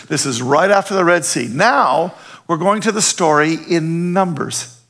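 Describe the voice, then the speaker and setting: Gravelly-voiced pastor preaching conversationally. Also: male voice, on the high side, measured pace, fairly bright tone. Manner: conversational, asks the audience questions often. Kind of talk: sermon.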